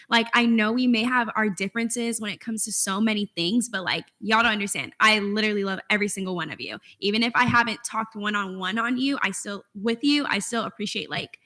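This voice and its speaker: A woman's voice: fairly high pitch, sharp tone. A young woman student senator giving emotional, rambling thank-yous at a meeting, tearing up as she speaks. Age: young adult. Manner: tearful, effusive, rambling with restarts. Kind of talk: emotional farewell remarks at a meeting. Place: meeting room.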